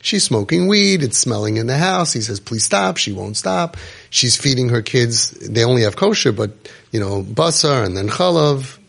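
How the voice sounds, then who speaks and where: A man's voice: medium pitch, animated, normal speed, gravelly, fairly bright tone, husky. A middle-aged man hosting a podcast, telling a story vividly and acting out what other people said. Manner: vivid retelling that acts out other people's words. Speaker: podcast host and parenting guide.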